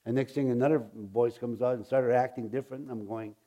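A man, a pastor, telling a personal testimony in a rambling, halting way, with many restarts and chuckles. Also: medium pitch, steady tone, mellow. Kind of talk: testimony storytelling.

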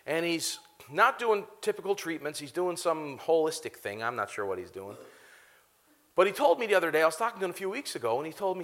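Man, pastor, sermon, animated, high bright voice, live congregation. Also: brisk. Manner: animated, laughing, addresses the congregation directly.

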